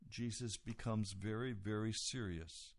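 Male preacher, slow and emphatic, lowish voice, earnest sermon delivery.

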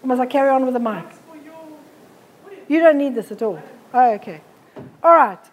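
A woman's voice: high voice, expressive, moderate pace, a little hiss or hum. A middle-aged woman, giving a blunt, forthright live health talk to an audience on a handheld mic. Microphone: handheld microphone.

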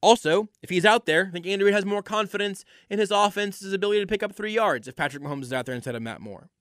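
In clean studio sound with no room tone, a man with a high, somewhat bright voice talks fast as he hosts a sports podcast. His solo football analysis is opinionated, and he repeats words for emphasis.

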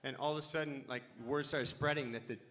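A man's voice: medium pitch, steady tone, quick pace, fairly bright tone. A middle-aged man on a live panel telling a long, rambling story, swearing freely and losing his thread.

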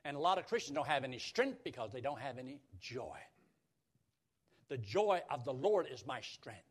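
An older man preaching a radio sermon, lively and emphatic, slowing down to quote scripture. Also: mid-range voice, slightly rough.

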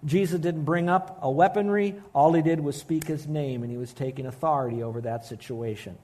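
A man preaching a sermon, earnest and emphatic, slowing down to stress key phrases. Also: fairly high pitch, darkish tone. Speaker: pastor.

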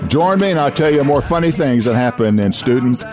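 An older man from Oklahoma, a radio host and former youth minister, tells folksy anecdotes over music. His mid-range voice is expressive and fairly quick, and he chuckles and acts out voices in his stories.

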